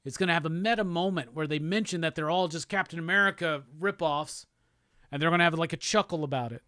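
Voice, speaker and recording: A man's voice: high-pitched, lively intonation, fairly quick, fairly bright tone, dry recording, clean studio sound. A man hosting a live show, chatting loosely and profanely while reading viewer comments aloud. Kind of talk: casual livestream chat.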